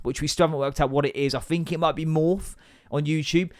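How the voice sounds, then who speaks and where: A man's voice: on the high side, brisk, no echo, studio quality. A man, hosting a comedy podcast and ranting in an exasperated, sweary way. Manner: sweary, exasperated, animated with put-on voices. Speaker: podcast host. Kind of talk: comic rant.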